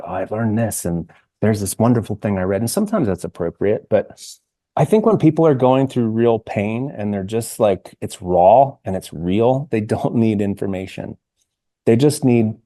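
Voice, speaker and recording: Man, about 50, podcast guest; earnest and halting, warm low voice, dry. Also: no echo. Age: around 50. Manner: earnest, halting, with many restarts and "like". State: emotional, near tears. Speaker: podcast guest, singer-songwriter. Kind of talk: reflective interview conversation.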